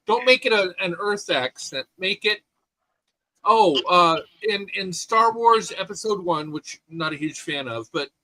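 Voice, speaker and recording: A man co-hosting a casual podcast chat, talking in an animated, rambling way with lots of restarts. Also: high voice, unhurried, no room sound, poor audio. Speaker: podcast co-host.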